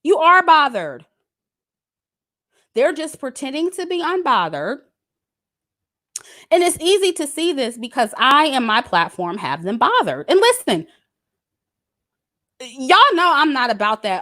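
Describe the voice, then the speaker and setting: A woman's voice: sits high, big pitch swings, a little slow, long pauses, bright, forceful tone. Woman; casual, blunt commentator who curses freely and repeats her points for emphasis. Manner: blunt, cursing, emphatic and repetitive. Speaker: YouTube commentator. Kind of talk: casual direct-to-camera rant.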